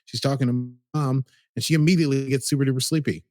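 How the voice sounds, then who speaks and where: A man's voice: medium pitch, fairly even intonation, quick pace, a little mellow, no echo, studio quality. A man casually recapping a TV episode as a podcast co-host, rambling and chatty with lots of "like"s.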